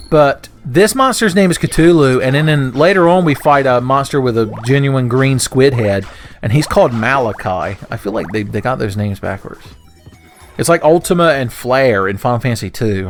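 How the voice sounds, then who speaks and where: A man giving casual gameplay commentary, joking, swearing and laughing often. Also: mid-range voice. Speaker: let's play commentator.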